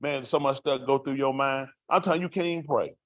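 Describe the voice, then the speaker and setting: A fast-talking man with a mid-range voice shares his street-life story as a testimony to a congregation, raw and vernacular, asking the room rhetorical questions. The recording is dry.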